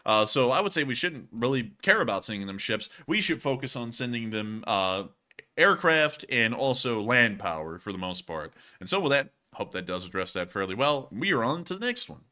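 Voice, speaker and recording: A young man in his twenties hosting a casual live stream, joking and animated as he answers viewer questions. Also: medium pitch, moderate pace. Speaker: host.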